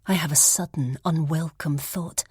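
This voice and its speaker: A woman narrating a first-person mystery audiobook in an even, measured storytelling manner. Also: sits low, slightly rough, dry recording, clean studio sound.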